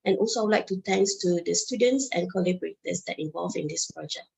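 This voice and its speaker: Female presenter from Malaysia, raspy and creaky, unhurried delivery with pauses. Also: on the low side, a little mellow, rough recording. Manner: measured, with frequent hesitations. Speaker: conference presenter. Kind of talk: academic presentation.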